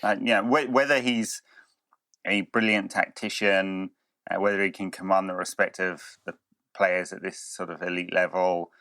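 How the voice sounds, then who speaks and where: A man with a very deep voice talks football on a podcast, stammering and pausing as he goes. The sound is dry and close, with no room echo. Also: steady tone, bright, forceful tone. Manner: hesitant, stammering, laughs often. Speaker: podcast co-host. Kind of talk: casual football chat.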